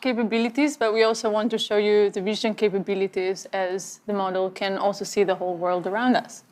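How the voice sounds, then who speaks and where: A woman hosting a live product demo, prompting her colleagues clearly. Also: medium pitch, flat delivery, brisk, a little mellow, a little hiss or hum. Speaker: host.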